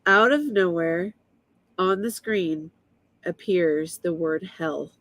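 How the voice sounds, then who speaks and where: A woman guest telling a vivid, emotional story in a casual way, with quick asides. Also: lowish voice, fairly bright tone, no room sound. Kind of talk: casual storytelling on a live stream.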